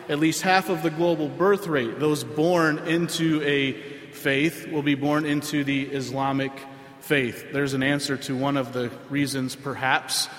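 A man, a pastor giving a sermon in a conversational way with frequent filler pauses. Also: mid-range voice, a bit bright. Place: church sanctuary. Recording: roomy hall with long reverb.

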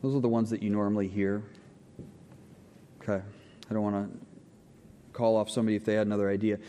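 A man's voice: on the low side, mellow. A man preaching a conversational teaching sermon in a church, asking the congregation questions and checking in with frequent okays. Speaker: pastor. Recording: long hall reverb.

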